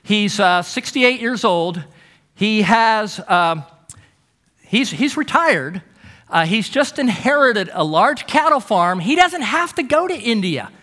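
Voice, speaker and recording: A middle-aged man preaching a sermon, telling stories with emphatic delivery and dramatic pauses. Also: high-pitched, animated, pushed and bright.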